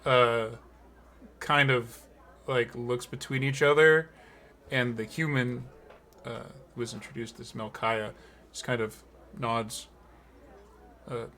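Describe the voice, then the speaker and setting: Guy gm narrating a tabletop game, bright voice, rambling with lots of "like" and restarts. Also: medium pitch, fairly even intonation, takes it slowly, pauses often. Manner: rambling, many fillers and restarts. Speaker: game master.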